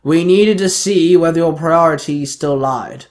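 The Ultra Grid is an ancient power that speaks through a borrowed avatar, slow and formal, as in a read-aloud storybook, with a man putting it on. The voice sits a touch high, and every word comes out measured. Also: a little mellow, lightly acted.

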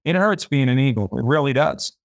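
A man's voice: mid-range voice, lively intonation, a little fast, no room sound. A man hosting a podcast, giving an impassioned faith talk in a fervent, preachy way, repeating himself and voicing imagined listeners.

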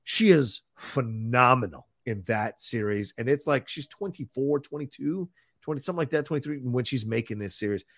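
Podcast co-host, man, rambling casual talker, gravelly and dry. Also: medium pitch, lively intonation, moderate pace, fairly bright tone, no room sound. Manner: rambling, reads viewer comments aloud. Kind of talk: casual live film chat.

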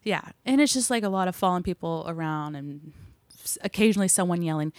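A woman's voice: mid-range voice, fairly quick, dry recording. Chatty young woman on a dry mic. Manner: chatty, animated storytelling with many fillers. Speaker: guest, film crew member. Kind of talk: casual interview chat.

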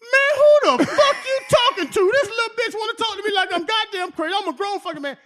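A man's voice: very high-pitched, fast, sharp tone, slight background noise, voice pushed up. A man voicing a hulking veteran football lineman who hollers and curses. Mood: furious. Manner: hollering, profane. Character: hulking veteran male lineman, gruff, short-tempered.

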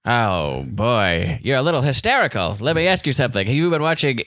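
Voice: mid-range voice, big pitch swings, brisk, fairly bright tone, dry recording, clean studio sound. An improv performer in a comedy scene, blustering in a hammy, giggling detective voice.

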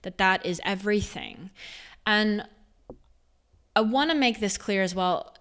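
A woman talks through her own experiences in a candid, reflective monologue. Her voice sits at an ordinary middle pitch, and she lets it swell and soften as she tells her story. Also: measured pace. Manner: candid, reflective, with expressive shifts in loudness. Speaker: speaker on faith and sexuality.

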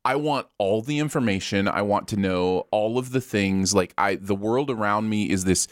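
A man co-hosting a podcast, talking in casual chat with curious, expressive emphasis. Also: on the low side, moderate pace, no echo, studio quality. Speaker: podcast co-host.

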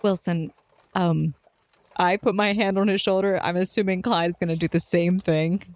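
A woman's voice: lowish voice, fairly even intonation, normal speed, darkish tone, dry recording. A woman playing a tabletop role-playing game, teasing and narrating her character's actions. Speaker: tabletop player.

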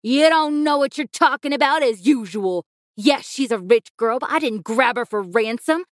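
A woman's voice: on the high side, lively intonation, unhurried, no echo, studio quality. A woman doing a menacing growling crook boss. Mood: furious. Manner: growling, threatening. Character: menacing male car-thief boss.

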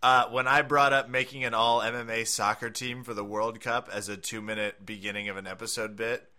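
A man's voice: medium pitch, level tone, fairly quick, bright, forceful tone. A man co-hosting a podcast in casual chat, joking and laughing often. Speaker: podcast co-host.

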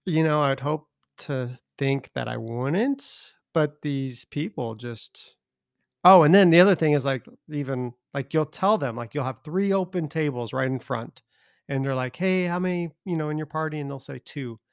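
A man's voice: medium pitch, lively intonation, unhurried, gravelly, no room sound, clean studio sound. A man co-hosting a podcast, talking in a laid-back, hesitant way. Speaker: podcast co-host. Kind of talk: casual chat.

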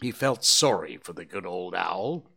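A man's voice: sits low, lively intonation, a little slow, vocal fry, pushed and bright, breathy edge. A man reading a children's book aloud chapter by chapter, chatty and informal with his listeners between chapters. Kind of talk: read-aloud storytelling.

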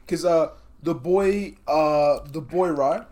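A man's voice: fairly high pitch, takes it slowly, a little mellow. A man with a light Australian accent, co-hosting a podcast in casual, rambling chat, swearing freely and laughing often. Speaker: podcast co-host.

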